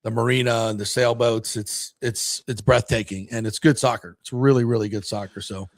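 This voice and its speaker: A man hosting a sports talk show, rambling through casual chat. His voice has a gravelly edge and sounds close and dry in the studio. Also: medium pitch, fairly even intonation, moderate pace, no echo. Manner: rambling, chatty, frequent fillers.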